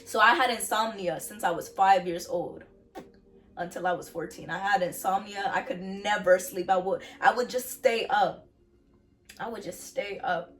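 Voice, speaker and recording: Young woman, earnest personal testimony, mid pitch, mic set back a bit. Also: normal speed, far from the mic. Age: young adult. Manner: earnest, repeats phrases for emphasis. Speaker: vlogger sharing her faith testimony.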